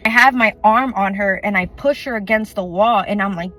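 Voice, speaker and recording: A woman's voice: mid-range voice, moderate pace, bright, forceful tone, soft background music. Earnest woman telling a testimony. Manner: earnest, chatty, full of "like" and quoted dialogue. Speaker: faith vlogger. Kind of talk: personal testimony storytelling.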